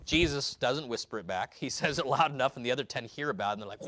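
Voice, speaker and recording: A man's voice: mid-range voice, lively intonation, fast talker, hardly any pauses, fairly bright tone, no echo. A man preaching a sermon in a conversational way, explaining scripture verse by verse.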